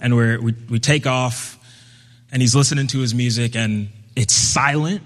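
On a stage, a young man from Brooklyn tells a personal story at a normal pace in a relaxed, conversational tone, switching to higher, livelier voices when quoting people. The hall adds a long reverb.

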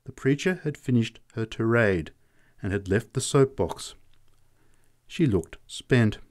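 Man reading a story out loud, mid voice, lots of movement in his pitch, steady measured pace. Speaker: narrator. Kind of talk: audiobook reading.

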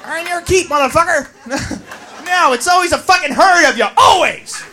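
A woman performing a loud, crude stand-up comedy routine on a club stage, acting out characters. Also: very high voice, expressive, normal speed, background noise.

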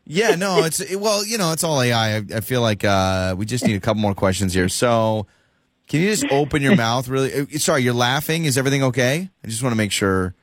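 A man's voice: medium pitch, expressive, fairly quick, no echo. Man, radio host, prank call, stammering, evasive, dry studio sound. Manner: stammering, evasive, repeats himself. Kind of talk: prank phone call, posing as a dental office caller.

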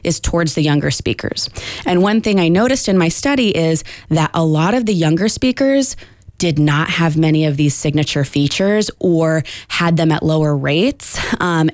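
Low-voiced woman linguist explaining. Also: darkish tone, dry recording, studio quality. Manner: clear, measured academic explaining. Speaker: linguistics professor. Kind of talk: radio interview explanation.

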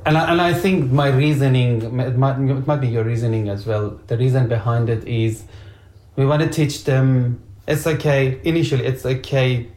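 A man's voice: medium pitch, steady tone, normal speed, a little mellow. A man co-hosting a casual conversation, a father explaining his views earnestly with analogies and frequent stammered repeats. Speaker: podcast co-host and father. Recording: roomy echoey room.

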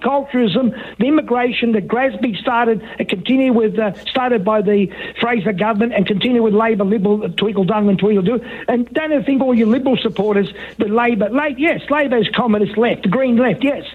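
A man's voice: extremely high pitch, a little fast, hardly any pauses, breathy edge. Insistent male caller, on a phone line; repetitive, talks over the host. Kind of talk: heated talkback radio call. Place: on a phone call.

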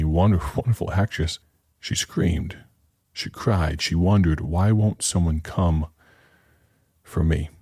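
A man with a very deep, dark voice sets up a sermon for his radio audience. He talks earnestly and plainly, telling a story with a husky grain. The sound is close and dry. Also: dry recording. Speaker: radio preacher. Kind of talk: broadcast sermon introduction.

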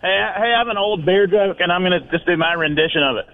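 A man's voice: high voice, fast talker. A man calling into a radio show, eagerly telling a joke. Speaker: caller. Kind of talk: casual radio chat. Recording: tinny phone line.

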